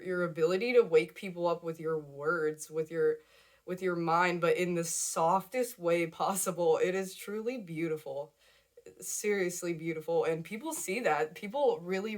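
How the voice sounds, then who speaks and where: A young woman giving a casual tarot reading to camera, chatty and emotional, repeating words and laughing often. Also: on the low side. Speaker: tarot card reader.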